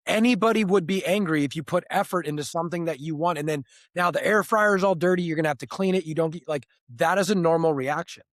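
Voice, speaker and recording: An earnest male host reflects thoughtfully, drawing on his own experience as he responds. His voice sits a little high for a man, and the sound is dry and close. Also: dry recording. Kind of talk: conversational interview.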